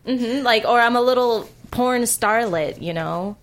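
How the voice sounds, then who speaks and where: A woman's voice: fairly high pitch, measured pace. A woman from Oregon chatting as a guest, giving modest, considered opinions. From Oregon, USA. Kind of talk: casual chat.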